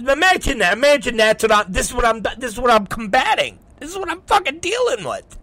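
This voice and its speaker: A man hosting a talk show, telling a profane story in animated, rambling fashion and acting out both sides of arguments. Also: very high-pitched, no echo. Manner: animated, profane, quotes people in quick back-and-forth. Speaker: podcast host.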